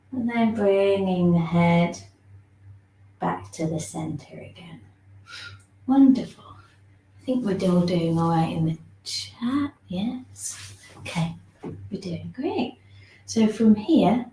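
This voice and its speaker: A woman teaching a gentle online movement class, giving soft, soothing instructions and yawning now and then. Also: medium pitch. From England. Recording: echoey room.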